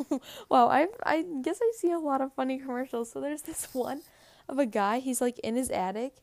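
A woman's voice: high voice, brisk, no echo, clean studio sound. A teenage girl co-hosting a podcast, rambling casually with lots of "like" and frequent giggles. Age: teens. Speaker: podcast co-host. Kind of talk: casual solo podcast chat.

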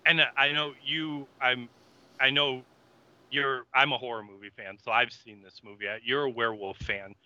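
A man's voice: mid-range voice, fairly even intonation, pushed and bright, muffled recording. A man co-hosting a casual podcast, speaking in stops and restarts. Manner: halting, restarts and fillers. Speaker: podcast co-host. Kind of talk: casual chat.

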